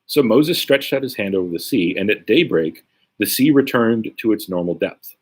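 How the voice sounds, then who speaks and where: A man with a low, husky voice reads scripture and talks through it casually with a group. His delivery is lively and animated, rising and falling across a wide range. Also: a little slow, pauses often. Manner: conversational, frequent "right?" tags. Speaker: Bible teacher. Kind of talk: casual Bible study reading and commentary.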